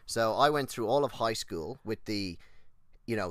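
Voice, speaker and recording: An exercise physiologist appears as a guest on a podcast, casually sharing personal stories with plenty of swearing and impressions of the people he quotes. His fairly low voice is animated and at a normal speed, recorded at studio quality with no room sound. He rambles, often restarting and wandering off on tangents.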